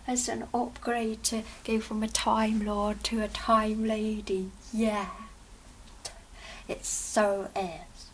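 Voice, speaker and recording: Woman fan reviewer, casual and excitable, flat-ish pitch, slight background hiss. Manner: chatty, excited, rambling with restarts. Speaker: TV episode reviewer.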